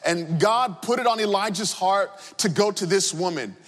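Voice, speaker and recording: High-voiced man preaching in a reverberant space. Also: fairly bright tone. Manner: earnest, deliberate, repeats words as he builds a point. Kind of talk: scripture reading and sermon. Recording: long reverb.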